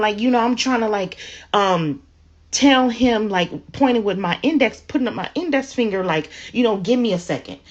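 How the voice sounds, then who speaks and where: A woman casually telling a personal story, acting out the lines she and others said. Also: lowish voice. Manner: animated retelling, acts out quotes. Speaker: hotel resident telling her story. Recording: dull lo-fi audio.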